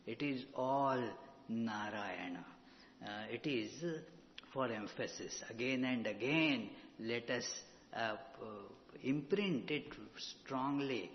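A male spiritual teacher lectures at an unhurried pace, pausing often to gather his words. He speaks into a microphone in a hall, and the reverb rings long behind him. The recording is muffled and lo-fi. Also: mid-range voice, slight background noise. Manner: slow, measured, with frequent pauses and fillers. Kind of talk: scripture lecture.

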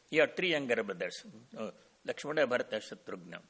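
A man giving a devotional discourse as a spiritual teacher, telling a sacred story slowly and calmly and explaining Sanskrit terms as he goes. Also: mid-range voice, slightly rough.

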